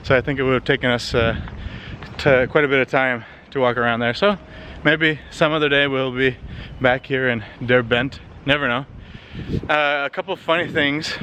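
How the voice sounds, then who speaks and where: A man's voice: medium pitch, normal speed, slight background noise. A tired Canadian man narrating a casual travel vlog, rambling with lots of fillers as he walks around. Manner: relaxed, rambling with many fillers. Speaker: travel vlogger. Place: outdoors on city streets. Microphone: handheld compact camera.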